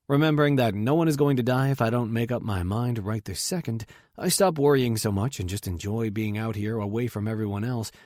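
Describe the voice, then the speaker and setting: A man's voice: mid-range voice, darkish tone, no echo, clean studio sound. Man narrating a wry first-person romance. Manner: intimate, wry inner monologue. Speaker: audiobook narrator.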